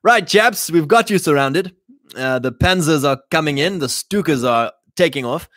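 A man puts on a British accent to voice a bold army officer, clipped and commanding as he demands a town's surrender, pitched above his own natural voice. His voice is on the high side and fairly bright, with lively intonation at normal speed. The studio sound is clean, with no room sound.

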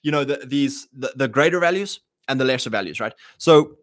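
Brisk and animated, a medium-pitched man hosts a livestream of casual political talk, meandering with lots of fillers and restarts and acting out quoted voices. It's a dry recording with clean studio sound.

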